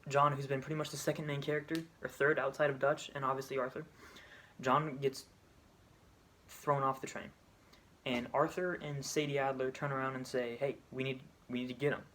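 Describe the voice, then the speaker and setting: A man's voice: medium pitch, flat delivery, normal speed, sharp tone, a little hiss or hum. Man rambling through a game story. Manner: rambling, with frequent restarts and self-corrections. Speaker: video creator. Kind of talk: casual retelling of a game story.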